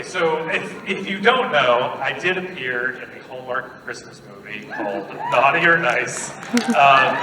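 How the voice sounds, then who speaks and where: A man answering fan questions at a convention panel, playful and self-deprecating, laughing often. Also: fairly high pitch. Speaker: convention panel guest actor. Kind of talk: live convention Q&A, animated storytelling. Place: large convention hall. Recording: echoey hall recorded from far off, noisy.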